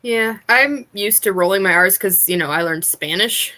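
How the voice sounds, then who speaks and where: A woman in casual chat, telling relaxed anecdotes. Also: mid-range voice, moderate pace.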